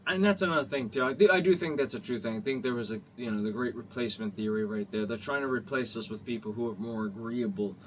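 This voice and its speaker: A middle-aged man in an angry, profane vlog rant, stumbling over repeated words and building to shouts. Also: mid-range voice, fast, few pauses, recorded from a distance, slight background noise, low-quality recording. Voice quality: stammering restarts, repeats words. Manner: heated, swearing, rising to shouts. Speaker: vlogger.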